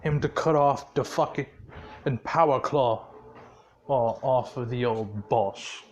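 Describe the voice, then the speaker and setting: A man's voice: mid-range voice, takes it slowly, highs cut off. A man casually improvising a fan story, laid-back and swearing, with frequent restarts.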